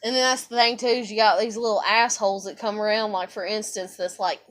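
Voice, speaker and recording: A woman's voice: mid-range voice, steady tone, brisk, few pauses, fairly bright tone. A young woman from the United States ranting to camera in a profane, exasperated, emphatic way. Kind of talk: angry personal rant to camera.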